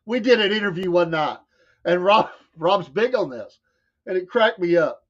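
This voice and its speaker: Southern male co-host, high voice, casual storyteller who keeps laughing and acts out quotes, lo-fi sound. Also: lively intonation, moderate pace, fairly bright tone. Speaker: show co-host. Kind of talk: casual chat. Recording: dull lo-fi sound.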